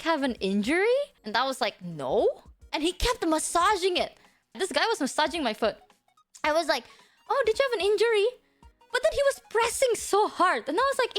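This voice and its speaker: High, lively young woman streamer. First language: not English. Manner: animated, swearing, dramatic retelling. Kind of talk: casual storytelling chat.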